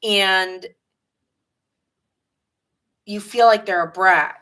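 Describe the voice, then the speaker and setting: A woman's voice: mid-range voice, fairly even intonation, very slow, a bit bright, rough recording. Chatty New York woman reading tarot. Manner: chatty and rambling, greets viewers in the chat. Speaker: tarot reader. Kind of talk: live-streamed tarot reading.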